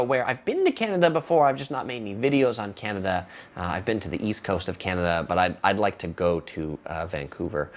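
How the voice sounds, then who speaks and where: A man from Southern California in his thirties, hosting a casual live stream and answering viewer questions in a relaxed, halting way with many fillers. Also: medium pitch.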